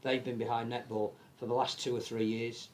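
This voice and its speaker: An English man with an animated manner, chatting casually as a rugby league podcast pundit and often restarting his sentences. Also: mid-range voice, a little fast, slight background noise. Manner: animated, many restarts and stammered repeats. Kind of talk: casual panel chat.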